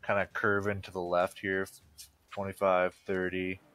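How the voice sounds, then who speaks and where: A man with a very deep voice plays in a tabletop game. He plans his move out loud in a hesitant way, with plenty of ums. Faint music plays behind him. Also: monotone, normal speed. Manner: hesitant, thinks aloud with many ums. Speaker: player. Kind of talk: casual tabletop play.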